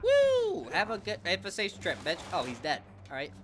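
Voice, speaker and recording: Give me a goofy young gaming host with a lively, slightly high voice. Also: male voice, fairly quick, noisy background. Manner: goofy, crude jokes. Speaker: gaming YouTuber. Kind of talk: let's play commentary. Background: game music.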